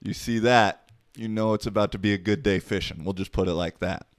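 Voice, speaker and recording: A man's voice: fairly low pitch, steady tone, a little fast, no room sound. A man hosting his own podcast, talking alone in a rambling, profane, wisecracking way. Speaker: podcast host. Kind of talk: casual solo podcast monologue.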